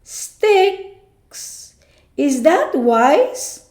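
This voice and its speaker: A woman voicing a careful, sensible little male pig who speaks calmly and earnestly. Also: sits high, drawn-out words, reverberant, pitched above the performer's own voice, exaggerated voice.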